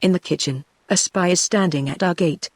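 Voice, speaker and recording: A woman's voice: on the low side, a little fast, no room sound, studio quality, natural voice. A synthetic female voice reading a plain older mother. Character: simple, proud older peasant mother.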